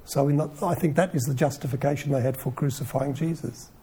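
A man giving an informal Bible teaching in a conversational way, full of rhetorical questions and lively asides. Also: mid-range voice, quick pace, a little hiss or hum.

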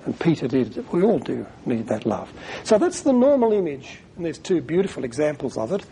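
Earnest preacher with a mellow voice. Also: male voice, on the high side, sing-song, a little hiss or hum. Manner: earnest, pausing, acts out quoted speech. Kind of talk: sermon.

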